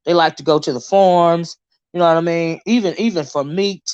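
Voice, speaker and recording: A chatty middle-aged woman hosts a casual livestream, calling out viewers by name and wandering into side remarks. Her voice sits a little low for a woman. The audio sounds dull and lo-fi. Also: a little fast, darkish tone, smooth. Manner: chatty, greets viewers by name, rambling asides. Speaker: livestream host.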